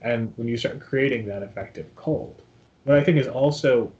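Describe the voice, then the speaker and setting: A man's voice: mid-range voice, moderate pace, a little mellow, lo-fi sound, slight background noise. A man co-hosting a casual podcast, making wry, joking asides. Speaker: podcast co-host.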